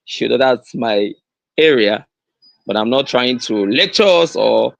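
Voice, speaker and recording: Earnest Nigerian-accented male host, unhurried delivery, repeats his points, dry recording. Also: mid-range voice, lively intonation, gravelly, no room sound. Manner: repeats key phrases, stressing them slowly; earnest, with many fillers and restarts. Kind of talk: motivational livestream talk.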